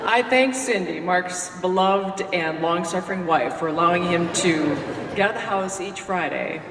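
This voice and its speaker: A woman's voice: fairly low pitch, fairly even intonation, moderate pace, background noise. A woman who hosts a radio morning show gives a folksy, joking tribute speech at a podium in a lecture hall. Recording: echoey hall from far off.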